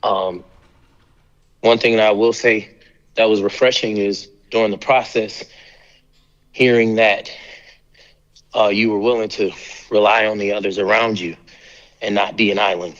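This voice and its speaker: A man on a school board, out of breath, giving earnest, halting remarks at a public meeting. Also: lowish voice, flat delivery, fairly bright tone, big-room sound, highs cut off.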